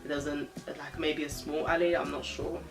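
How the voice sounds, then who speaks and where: A woman's voice: sits low, level tone, normal speed, vocal fry, music in the background. A young woman vlogger telling a story in casual chat, frank and chatty, swearing freely and sipping a drink as she talks. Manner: sipping a drink while talking.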